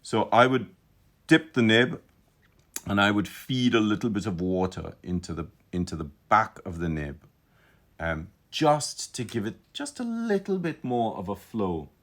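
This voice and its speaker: A man's voice: fairly low pitch, big pitch swings, normal speed, fairly bright tone. A man teaching calligraphy on a live stream, musing aloud with enthusiasm, often restarting his sentences. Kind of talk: live-streamed lesson, casual commentary.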